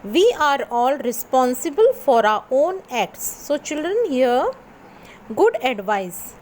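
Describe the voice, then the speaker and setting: A woman's voice: high voice, very animated, takes it slowly, a little mellow, a little hiss or hum. A woman teacher reading a story aloud to a class, repeating and explaining each sentence simply. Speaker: school teacher.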